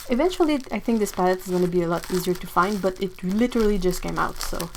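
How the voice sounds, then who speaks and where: A woman hosting a live-streamed art supply unboxing, excitable and chatty, talking to her viewers as she goes. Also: on the low side, fast talker, background noise. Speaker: art channel host.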